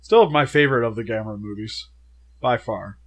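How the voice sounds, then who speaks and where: A young man co-hosting a casual movie review, chatty and animated with lots of filler words, feeling sick. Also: mid-range voice, brisk. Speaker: co-host of a movie review show.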